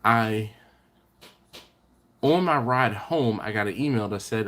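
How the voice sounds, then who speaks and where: Here a man with a fairly low voice and lively intonation speaks at a moderate pace while running a barbecue live stream from home. He goes through viewer comments, warmly naming and thanking each person, in a relaxed, rambling way. He frequently backs up to fix or restart what he's saying.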